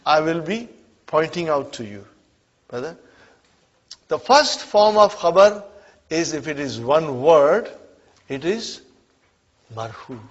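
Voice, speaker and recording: A man teaching Arabic to a class, drilling call-and-response phrases and often checking that students are following. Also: a little high. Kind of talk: classroom lesson. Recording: muffled lo-fi classroom recording.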